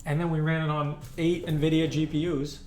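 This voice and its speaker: Excitable man streaming code, roomy sound. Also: fairly high pitch, normal speed. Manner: excitable, rambling, repeats words. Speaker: livestreaming programmer. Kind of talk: casual live-stream chat while coding. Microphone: desktop USB microphone. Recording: roomy with faint background noise.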